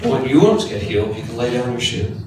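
A man preaching a sermon, telling a personal story in an animated, confessional way. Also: medium pitch, fairly quick, noisy background. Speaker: pastor. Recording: echoey hall from far off.

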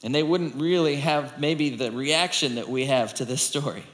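A man preaching a sermon in a conversational, animated way, reading scripture and acting out the people in it. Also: mid-range voice, normal speed. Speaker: pastor. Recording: long hall reverb.

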